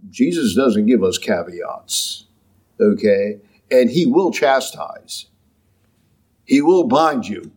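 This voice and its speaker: A man delivers a sermon in a loose, conversational way, checking in with his listeners as he goes. His voice is a little husky, and his pitch rises and falls a lot. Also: animated, measured pace. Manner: conversational, acts out quoted voices, frequent "okay?" and "yeah?". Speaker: preacher.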